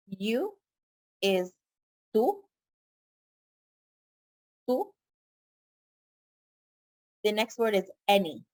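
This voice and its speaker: Slow, patient woman tutor. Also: fairly high pitch, animated. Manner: slow, patient, repeats each word. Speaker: pharmacy tech Spanish tutor. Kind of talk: online vocabulary lesson.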